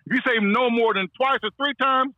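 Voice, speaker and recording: A man's voice: very high voice, brisk, dry recording, dull audio. A man in his fifties, a pastor, talking on a podcast in a rambling way, repeating phrases in a preacher's cadence. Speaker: pastor, guest. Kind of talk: relaxed podcast talk.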